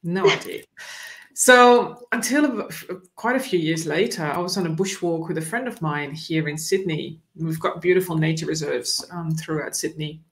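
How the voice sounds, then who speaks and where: Woman guest telling a relaxed story. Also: low voice, normal speed, hardly any pauses. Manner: relaxed storytelling with "you know" fillers. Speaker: animal communicator guest. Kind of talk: casual interview storytelling.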